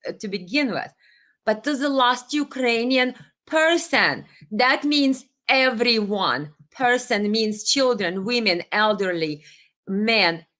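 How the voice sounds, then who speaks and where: A woman's voice: a little high, fairly bright tone. A woman hosting a political commentary livestream, talking in an impassioned, indignant way with hesitations and restarts, and reading viewer comments aloud. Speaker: livestream host.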